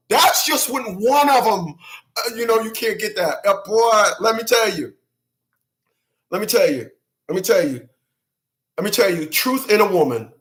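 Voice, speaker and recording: A man's voice: high-pitched, fairly bright tone. A man from the New York–New Jersey area, hosting his channel and ranting on a live stream in a profane, repetitive, emphatic way, laughing often. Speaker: channel host. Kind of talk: unscripted live-stream rant.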